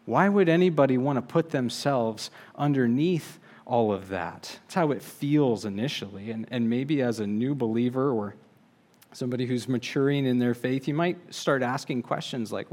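A man preaching a sermon in an earnest, measured way, slowing down to stress key phrases. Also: medium pitch, a little mellow.

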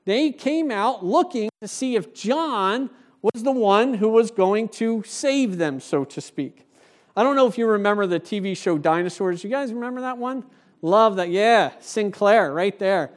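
A male pastor delivers a sermon in a church with a notably high voice. He is animated and conversational, talking directly to the people in the pews rather than reading at them.

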